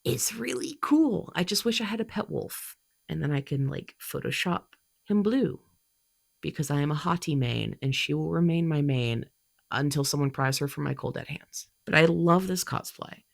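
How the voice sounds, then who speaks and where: A woman's voice: low-pitched, animated, normal speed, gravelly, dry recording, clean studio sound. A young woman talking casually about her cosplay hobby, chatty and full of fillers, her voice congested from allergies. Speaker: cosplay creator. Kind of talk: casual vlog talk.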